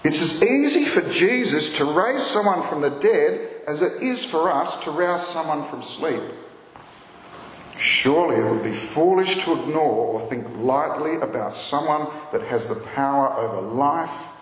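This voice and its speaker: A man's voice: a little high, lively intonation, unhurried. A man preaching a sermon, telling stories earnestly and lifting his voice for emphasis. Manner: earnest storytelling, rising for emphasis. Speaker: pastor. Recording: echoey hall with long reverb, faint ambience.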